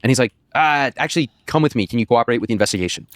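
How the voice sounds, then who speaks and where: An American man telling a long, rambling anecdote as a podcast guest, chuckling and swearing along the way. He talks quickly in a mid-range voice. The sound is close and dry. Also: medium pitch, lively intonation, no room sound. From United States. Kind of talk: casual storytelling on a podcast.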